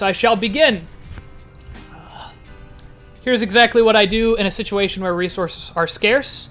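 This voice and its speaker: A man casually commenting as he reads a text adventure game aloud, getting excited and laughing often. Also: high voice, unhurried, pauses often, faint music behind. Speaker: gaming YouTuber.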